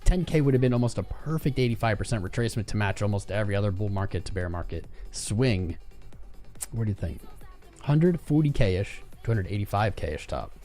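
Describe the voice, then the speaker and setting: Lively male crypto livestream host. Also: lowish voice, a little fast, soft background music. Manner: thinking aloud, reading numbers from chat, frequent restarts. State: chapped cuticles from cold weather. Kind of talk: casual live-stream chat reading viewer comments.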